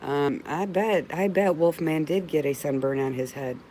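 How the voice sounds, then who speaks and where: A woman's voice: low-pitched, moderate pace, a little hiss or hum, rough recording. A middle-aged woman chatting on a livestream, answering viewer comments and calling them babe. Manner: warm, heartfelt, calls viewers babe. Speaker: livestream host. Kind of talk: casual livestream chat reading viewer comments.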